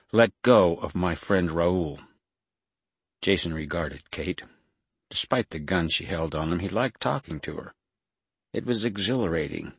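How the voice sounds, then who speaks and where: Deep gravelly male narrator. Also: a bit bright, no room sound. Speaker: audiobook narrator. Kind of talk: scripted narration.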